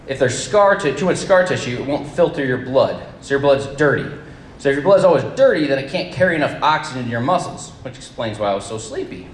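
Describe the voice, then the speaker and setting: A man telling a personal story live to an audience, with wry, deadpan humor and casual swearing. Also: mid-range voice, roomy sound, a little hiss or hum. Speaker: storyteller at a campfire event.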